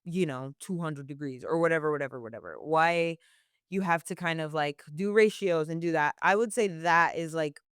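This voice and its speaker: A woman's voice: low voice, moderate pace, clear, resonant tone, no echo, clean studio sound. A young woman working as a barista, answering interview questions casually with many "like" fillers and frequent laughs.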